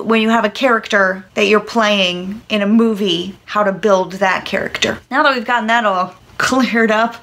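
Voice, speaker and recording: A woman's voice: on the high side, a bit bright. A young woman hosting a casual vlog about acting, chatty and giggly. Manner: chatty and giggly, trying out accents. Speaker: channel host.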